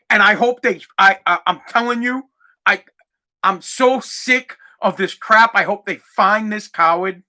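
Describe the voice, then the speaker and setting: Heated, bright-voiced man ranting. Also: sits high. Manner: heated, profane, repeats himself, shouts at times. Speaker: podcast host. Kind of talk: angry solo rant.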